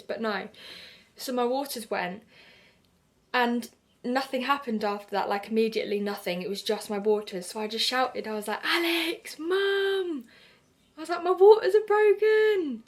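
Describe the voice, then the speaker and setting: Young british woman vlogging, chatty and candid, lots of "like" and "i was like", talking straight to camera. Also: medium pitch. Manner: chatty, candid, lots of fillers and quoted reactions. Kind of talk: casual storytelling to camera.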